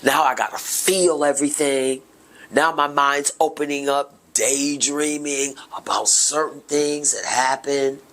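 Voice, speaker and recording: A middle-aged woman, telling her own story on a podcast in an emotional, impassioned way, dropping to a hush and then rising loud. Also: sits low, steady tone, a little slow. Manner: emotional, impassioned, swings between hushed and loud. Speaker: podcast host. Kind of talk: personal testimony.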